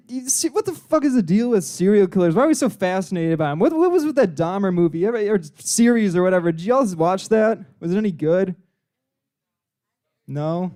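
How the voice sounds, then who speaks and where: A man's voice: high-pitched, a little mellow. A young man doing open mic stand-up comedy on a club stage, rambling and crude, with constant filler words. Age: young adult. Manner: rambling, crude, heavy "you know" fillers; puts on voices for joke characters.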